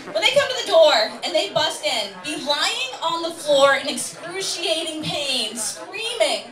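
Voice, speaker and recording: A woman comedian doing a stand-up set in a club, loose and sarcastic with crude punchlines. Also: high voice. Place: comedy club stage with a live audience. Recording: roomy live club recording from a distance, with audience noise.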